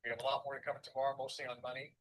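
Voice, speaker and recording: A man's voice: medium pitch, little pitch movement, rapid-fire, a bit bright, low-quality recording. A man speaking in a recorded motivational seminar, conversational and repeating phrases for emphasis. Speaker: self-help seminar speaker.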